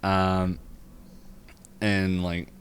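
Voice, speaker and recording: A man's voice: deep voice, completely flat delivery, very slow, clear, resonant tone. A young man co-hosting a podcast, recapping a cartoon episode casually and rambling with lots of "um" and "like". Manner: rambling, full of fillers like "um" and "like". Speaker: podcast co-host.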